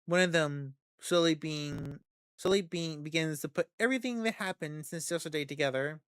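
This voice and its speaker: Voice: medium pitch, a bit bright. A game streamer narrates a visual novel aloud, often tripping over words and repeating them, with casual asides in between. The voice sits in a middle register. The recording is dry and close, with no room echo.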